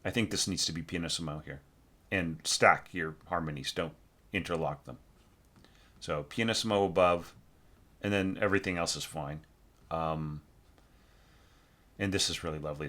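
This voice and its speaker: A man with a very low voice goes through a student's score in a loose, thinking-aloud way. He stumbles and corrects himself often and sings melodic fragments on nonsense syllables to make his points. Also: sharp tone. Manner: frequent fillers and self-corrections. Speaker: orchestration teacher. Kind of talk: score critique.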